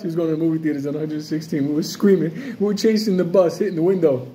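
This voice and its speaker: Profane and swaggering, this "New" man rants about crypto as a vlogger, speaking casually and unscripted to camera while hopping between stories. His voice is a little high, warm and steady, delivered fast over slight background noise.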